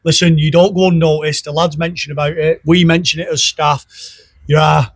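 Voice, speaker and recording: A man's voice: on the high side, little pitch movement, moderate pace, husky, no echo. A man, a football coach thanking the fans in a post-match interview, earnest and stumbling over repeated words. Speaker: club coach.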